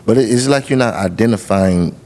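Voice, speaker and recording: A man with a fairly low voice co-hosts a heated podcast interview. He presses his guest with skeptical, challenging questions and disputes his points. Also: a little fast, darkish tone. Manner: skeptical, challenging and pushing back. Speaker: podcast co-host.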